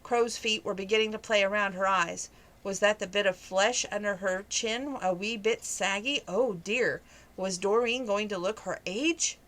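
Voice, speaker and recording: A woman's voice: mid-range voice, moderate pace, a bit bright. Woman casually reading a novel aloud. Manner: conversational, with small stumbles. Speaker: reader.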